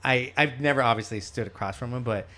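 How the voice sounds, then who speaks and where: Man, podcast co-host, casual chat, rambling, swears freely, laughs often, medium pitch. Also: quick pace, sharp tone.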